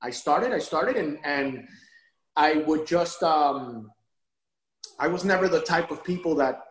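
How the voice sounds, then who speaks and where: Animated man telling his story, roomy sound. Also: a little high, unhurried. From Miami area. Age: adult father of a young son. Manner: animated, emotional, repeats words when restarting. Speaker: interview guest. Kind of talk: casual interview storytelling.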